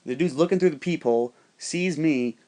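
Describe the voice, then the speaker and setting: A man's voice: fairly high pitch, moderate pace, dark tone. Man rambling a profane story. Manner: rambling, heavily profane, conspiratorial. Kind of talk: casual storytelling monologue.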